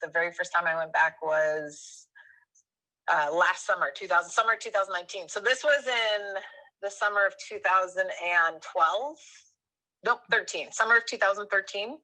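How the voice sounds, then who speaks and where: Woman in her 30s, bright voice, chatty and animated, lots of ums and self-corrections. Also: mid-range voice, normal speed, rough recording. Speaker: guest. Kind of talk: casual storytelling.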